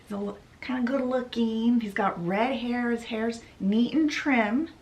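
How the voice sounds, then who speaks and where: A woman's voice: fairly high pitch, a little slow, a little mellow. A woman hosting a book vlog, recapping a story in a chatty way with asides. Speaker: book vlogger.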